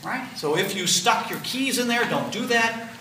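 Older male professor, patient and explanatory; high, bright voice captured from afar in a roomy hall. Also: lively intonation, normal speed. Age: 60s. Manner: explanatory, repeats key points with "okay?" and "right?". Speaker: physiology lecturer. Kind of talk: classroom lecture. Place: lecture hall. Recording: roomy lecture hall, mic at a distance, faint noise.

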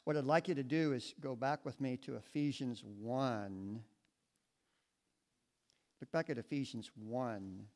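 A man's voice: mid-range voice, measured pace, pauses often, darkish tone, low-quality recording. A male American pastor teaching verse by verse in a conversational way, often asking the congregation questions, sometimes moving away from the mic. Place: church classroom with audience. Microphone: moves away from the mic at times.

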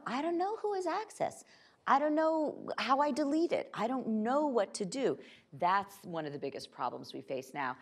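A woman speaking as a guest onstage at a conference, lively and laughing, acting out quoted voices between frequent fillers. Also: low-pitched, gravelly. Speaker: guest speaker, tech company privacy chief. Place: stage at a tech conference.

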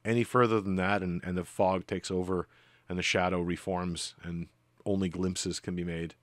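A man with a very low voice narrates a tabletop game as its game master, easy-going and full of ums and uhs. The sound is dry and close. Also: moderate pace, no echo. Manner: relaxed, many fillers.

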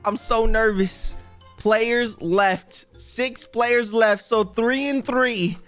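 Excitable man doing gaming commentary. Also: very high voice, drawn-out words, smooth, faint music behind. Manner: excitable, repeats himself, talks straight to viewers. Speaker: gaming YouTuber.

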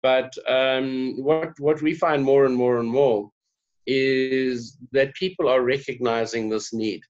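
A South African man speaking as a guest in a conversational interview, an animated storyteller. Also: medium pitch, takes it slowly. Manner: animated storyteller, laughs often. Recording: dull lo-fi sound.

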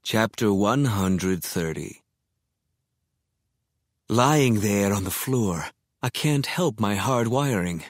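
A man narrating an audiobook in first person with slow, deliberate reading. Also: on the low side, lively intonation, no echo, studio quality.

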